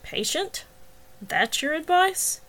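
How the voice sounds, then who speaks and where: A man's voice: very high-pitched, sing-song, takes it slowly, bright, forceful tone, pitched above the performer's own voice, exaggerated voice. A self-pitying deaf young man, a little drunk, mumbles his way through his words, as a woman reads him aloud. He puts himself down in a storybook reading. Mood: teasing.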